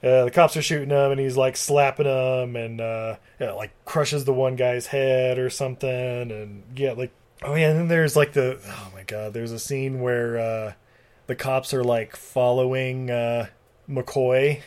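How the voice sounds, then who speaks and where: A man in loose, casual chat, rambling through a recap with many fillers and casual swearing. His voice sits at an ordinary middle pitch for a man. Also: steady tone, measured pace, a little mellow.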